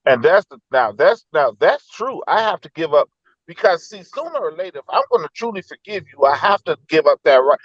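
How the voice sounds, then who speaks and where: A man in a casual talk, thinking out loud and telling personal stories to make his point. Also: fairly high pitch, sing-song, a little fast, no room sound, highs cut off. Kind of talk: casual debate.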